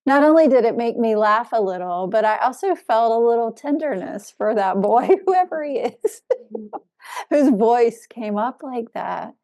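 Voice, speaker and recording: A woman giving a dharma talk as a Zen teacher, speaking in a reflective way with soft laughs. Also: on the high side, lively intonation, unhurried.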